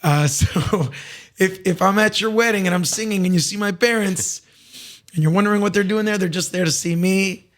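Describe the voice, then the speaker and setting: A man with a slightly raspy voice, a singer talking candidly as a podcast guest, reflective and full of restarts. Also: high-pitched, moderate pace, a bit bright. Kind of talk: casual interview conversation.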